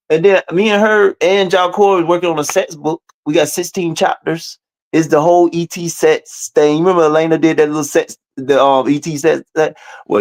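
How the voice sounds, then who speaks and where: A man talking as a guest in casual, animated chat, full of cursing, laughs and quick asides. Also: a little high.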